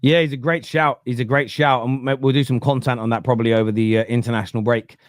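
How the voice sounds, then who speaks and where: A man hosts a casual football talk show, arguing his case with emphasis and frequent restarts. His voice sits at a middling pitch and sounds close and dry, with no room around it. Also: fairly even intonation, fast, dry recording. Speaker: host. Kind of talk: casual football podcast debate.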